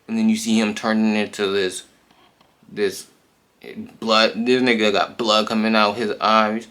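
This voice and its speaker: A man casually retelling a comic book in slangy, animated speech full of fillers. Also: fairly low pitch, a little slow, smooth.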